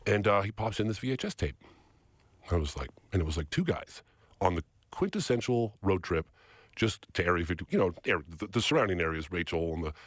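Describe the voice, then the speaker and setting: Husky, animated man telling a story. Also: low-pitched, brisk, dry recording. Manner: acts out other people's lines in quotes. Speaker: podcast guest.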